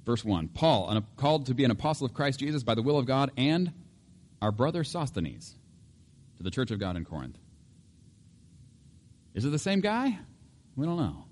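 A middle-aged man preaching with lively energy. He jokes, laughs often and slips into acted voices as he teaches, at a middle pitch. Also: normal speed, long pauses. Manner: animated, joking, acts out voices, laughs often. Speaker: pastor. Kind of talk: sermon.

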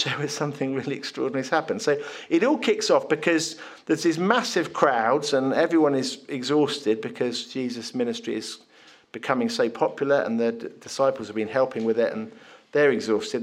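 A man preaching a sermon in a conversational, animated storytelling manner. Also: mid-range voice.

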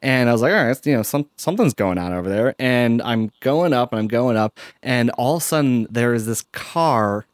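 A man's voice: mid-range voice, expressive, brisk, hardly any pauses, dry recording, studio quality. A man casually telling a rambling story and ranting, filling his speech with "like" and getting worked up as he goes. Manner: rambling, heavy use of "like", gets heated.

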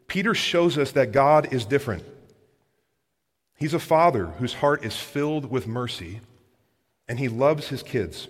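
A man's voice: mid-range voice, expressive, moderate pace. A man preaching a sermon in a mid-range voice, repeating his phrases for emphasis and addressing the congregation head-on. His words carry a long, ringing reverb from the large church hall. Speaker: pastor.

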